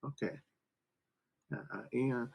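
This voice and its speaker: Hesitant slow-talking male student. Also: medium pitch, vocal fry, a little mellow, slightly rough. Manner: hesitant, careful repetition. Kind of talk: practicing pronunciation in a lesson.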